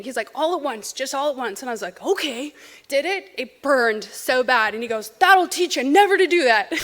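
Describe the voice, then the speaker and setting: A woman's voice: on the high side, fairly bright tone. Chatty woman telling memorial stories. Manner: chatty, laughs between anecdotes. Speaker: eulogy speaker. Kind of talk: personal storytelling at a memorial.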